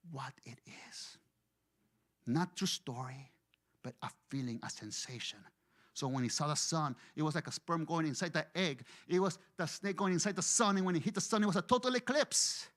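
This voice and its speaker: A man from Mexico, giving a storytelling sermon as a guest speaker. He moves between hushed and excited delivery. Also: high-pitched.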